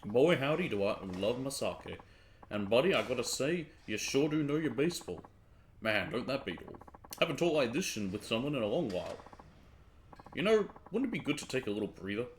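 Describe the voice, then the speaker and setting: A man voicing a boisterous drunk middle-aged former baseball pitcher, talking in folksy old-timey slang. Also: very animated, brisk, slight background noise, natural voice. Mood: jovial. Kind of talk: reading game dialogue aloud.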